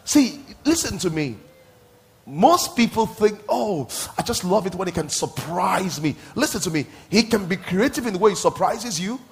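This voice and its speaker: A middle-aged male pastor preaching a sermon, swinging from soft asides to loud, emphatic exclamations and asking the crowd to answer back. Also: sits high, very animated, normal speed, vocal fry.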